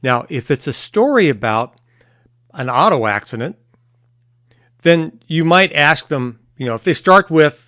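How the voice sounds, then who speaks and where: A man, a therapist and coach, talking casually to camera and explaining things with pauses and repeats. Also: on the high side, animated, a bit bright, no echo, studio quality. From United States. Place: at home early morning.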